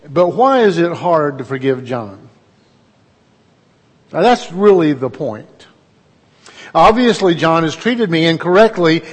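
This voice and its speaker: A man's voice: a little high, big-room sound. A middle-aged man, preaching a conversational sermon in a folksy, storytelling way and putting questions to his listeners.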